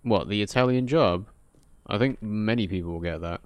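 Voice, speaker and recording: A man's voice: on the low side, normal speed, dry recording. A man casually commentating a game with a playful, wry manner. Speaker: let's play co-host.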